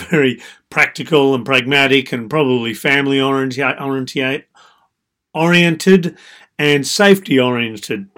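A man speaks as a dating coach giving advice straight to the listener. His voice sits at a middle pitch, and his manner is calm and explanatory. He leans on "so" and "you know" as he walks through each point. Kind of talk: advice monologue.

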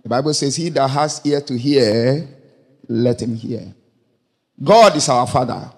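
A man's voice: medium pitch, unhurried, a little mellow. A man preaching a sermon, quoting scripture and throwing rhetorical questions at the congregation. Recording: long reverb of a large hall.

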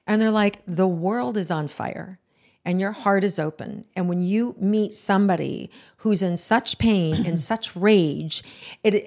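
A woman co-hosting a podcast, telling a story in casual chat, acting out the dialogue and swearing freely. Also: mid-range voice. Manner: animated, acts out the dialogue in her story. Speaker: podcast co-host.

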